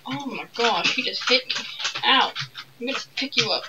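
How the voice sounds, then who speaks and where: A woman's voice: on the high side, moderate pace. A woman giving playful let's-play commentary while gaming, taunting the characters with mock rage. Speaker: gamer playing a video game. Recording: distant mic with loud background noise.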